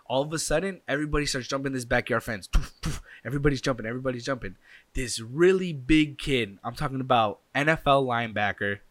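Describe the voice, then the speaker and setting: A young man tells a personal story in a casual, animated way, slipping into the voices of the people involved and adding sound effects. His voice is bright and forward. The recording is dry and close. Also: medium pitch, fast talker, dry recording.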